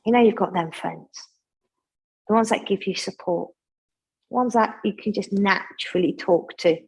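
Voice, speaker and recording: Breathy woman guiding a gentle yoga class. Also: mid-range voice, normal speed, poor audio. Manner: gentle, chatty instruction with asides. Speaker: yoga instructor.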